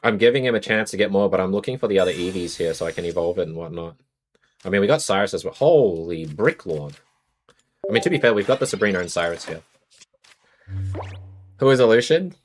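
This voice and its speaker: Casting note: young Australian man, lowish voice, casual streamer patter between plays. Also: lively intonation, brisk, pauses often, a little hiss or hum. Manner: chatty, greets chat viewers, thinks aloud about moves. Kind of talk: casual live-stream commentary while playing a card game.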